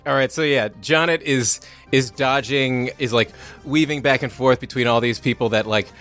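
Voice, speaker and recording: A man's voice: mid-range voice, normal speed, fairly bright tone, faint music behind. A man playing in a tabletop game, describing his character's actions loosely with restarts. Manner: loose and hesitant, with restarts and laughs. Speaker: player. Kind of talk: casual tabletop play.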